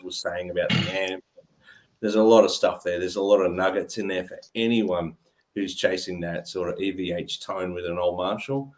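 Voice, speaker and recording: A man co-hosting a casual live-stream chat, relaxed and hesitant with many filler sounds. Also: sits low, normal speed, a little hiss or hum. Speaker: co-host, guitar player.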